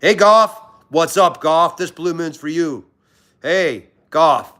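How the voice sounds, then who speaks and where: A man's voice: a little high, slow pace, sharp tone. Chatty man greeting livestream viewers. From Washington, D.C. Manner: friendly, rambling, greets viewers by name. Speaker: livestream host. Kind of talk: casual livestream chat with viewers. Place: at home in pajamas.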